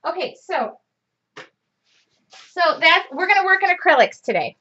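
A woman's voice: very high voice, sing-song, unhurried, long pauses, highs cut off, background noise. A middle-aged woman teaching a live-streamed painting session in a chatty, rambling way, laughing often. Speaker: art instructor.

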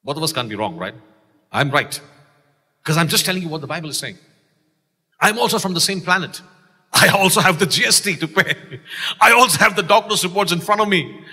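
Exuberant preacher with a bright, husky voice. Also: male voice, high-pitched, expressive, a little fast, pauses often. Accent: Malaysian English. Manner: exuberant, calls for audience responses, shouts key lines. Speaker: pastor. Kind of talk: sermon. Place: church sanctuary. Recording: long church reverb.

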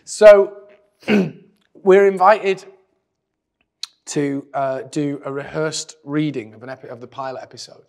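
A man's voice: on the high side, slow, gravelly, long pauses, darkish tone. A man in his forties co-hosting a podcast, telling a story to an old friend with lots of laughter and swearing. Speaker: podcast co-host. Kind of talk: casual chat between old friends.

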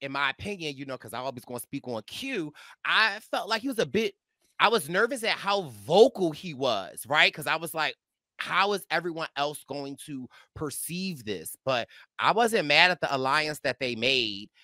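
A man's voice: a little high, sing-song, normal speed, pushed and bright, no room sound, clean studio sound. A man hosting a podcast, chatting casually about a reality show, playful and slangy as he acts out his own reactions. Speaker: podcast host. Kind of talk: casual reality-TV recap chat.

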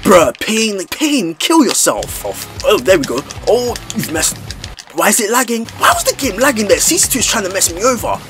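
A young man giving loud, excitable gameplay commentary full of trash talk, swearing and sudden outbursts. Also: high voice, normal speed, over music. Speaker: gaming YouTuber.

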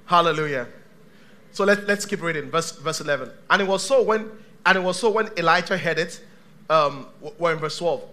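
A male pastor preaching a sermon to a live church congregation, dramatic, swinging from shouts to hushed tones. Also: fairly high pitch, a little fast.

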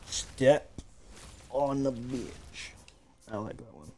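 Lively, unhurried streamer with laughs. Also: medium pitch, faint music behind. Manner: laughs often, swears, animated reactions. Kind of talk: casual commentary while browsing a game's moves.

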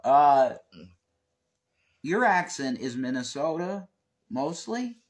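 A man from northeastern Pennsylvania with a local accent, chatting loosely and animatedly while reading viewer comments. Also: a little high. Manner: animated, rambling, quick to laugh. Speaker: livestream host. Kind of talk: casual chat reading comments.

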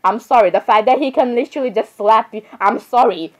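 A gameplay commentator with a fairly high voice talks briskly through casual game commentary. She rambles, keeps apologizing, and giggles at her own asides, all on a low-quality recording.

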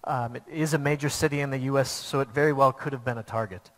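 A man's voice: mid-range voice, steady tone, fast. A man preaching a sermon to a church, telling a personal story in an earnest, plain way. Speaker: pastor. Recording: long hall reverb.

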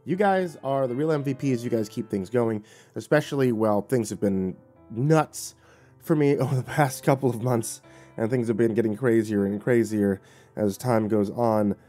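Husky male horror storyteller. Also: mid-range voice, faint music behind. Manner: dramatic, slowing to a hush on key lines. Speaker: horror story narrator and host. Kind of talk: horror storytelling and channel outro.

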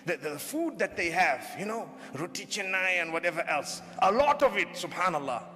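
A man's voice: high voice, sing-song, moderate pace, bright, forceful tone. A man giving an Islamic sermon, humorous and conversational, full of rhetorical questions. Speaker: Islamic preacher. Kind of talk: lecture sermon. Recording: long hall reverb.

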